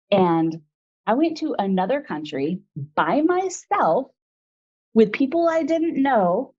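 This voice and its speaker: A woman's voice: lowish voice, warm tone, lo-fi sound. A woman in her forties, an interview guest, telling a personal story in a rambling, frank way full of fillers.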